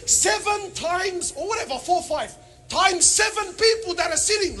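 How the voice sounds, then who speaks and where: A man giving a humorous religious talk to an audience, animated and full of rhetorical questions, with Arabic phrases mixed in. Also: very high voice, moderate pace. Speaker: panel speaker.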